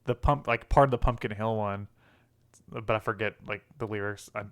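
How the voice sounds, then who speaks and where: A man's voice: fairly low pitch, steady tone, normal speed, fairly bright tone, clear, resonant tone. Young man, casual gaming podcast chat, laughs a lot, rambles. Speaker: podcast co-host.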